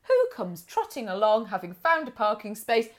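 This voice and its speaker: A woman co-hosting a podcast, telling stories in a gushing, animated way. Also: medium pitch, moderate pace. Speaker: podcast co-host. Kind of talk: casual chat.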